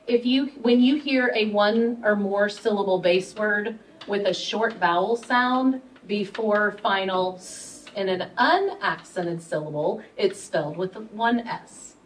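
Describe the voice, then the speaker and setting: A woman tutor calmly walking a student through a spelling lesson, one prompt at a time. Her voice sits at an ordinary middle pitch and is picked up from some distance. A faint hum of room ambience stays underneath. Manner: patient, prompting step by step. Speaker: reading tutor. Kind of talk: one-on-one structured literacy lesson.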